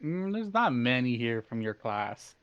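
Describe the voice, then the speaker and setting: Smooth-voiced man running a tabletop game. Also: medium pitch, a little slow, highs cut off. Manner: relaxed, laughs easily, hesitant fillers. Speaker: game master.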